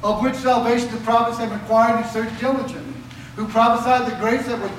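A man's voice: extremely high pitch, fairly even intonation, a little fast, a little hiss or hum. A man preaching a sermon, asking the congregation questions and driving points home with emphatic rises and drops. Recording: very echoey hall from a distance.

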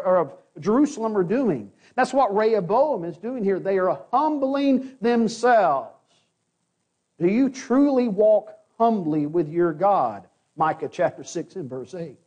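High-voiced man preaching a sermon. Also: darkish tone. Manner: earnest, repeats key phrases for emphasis. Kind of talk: expository sermon.

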